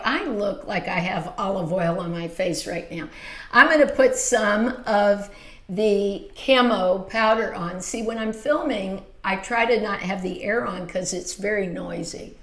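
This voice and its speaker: A chatty woman in her fifties hosts a beauty livestream from a small home filming room, warmly gushing over viewer comments with frequent exclamations. She has a mid-range voice, and the room is echoey.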